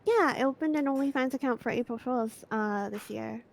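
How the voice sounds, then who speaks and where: Playful woman streamer, giggly and teasing, a little high-pitched, light hiss behind. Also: brisk, creaky. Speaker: vtuber streamer. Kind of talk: casual stream chat. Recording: faint background noise.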